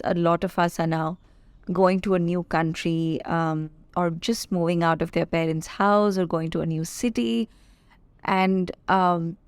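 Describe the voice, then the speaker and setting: A young woman from India hosts her own podcast, talking to listeners in a chatty, confiding way full of playful asides. Her voice sits on the low side, and the sound is dry and close with no room around it. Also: clear, resonant tone, no room sound. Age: 20s. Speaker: podcast host. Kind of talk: casual solo podcast chat.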